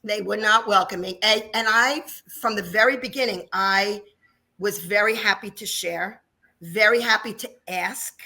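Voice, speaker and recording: A woman's voice: medium pitch, normal speed, sharp tone. A woman in her fifties from New Jersey, a dance studio owner chatting in an interview and telling stories with frequent laughs. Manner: chatty, laughs often, storytelling. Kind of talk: casual interview chat.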